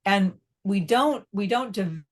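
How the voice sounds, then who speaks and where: A middle-aged woman, a psychotherapist being interviewed, explaining in a measured way and often checking in with "right?". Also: mid-range voice, lively intonation. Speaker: psychotherapist guest.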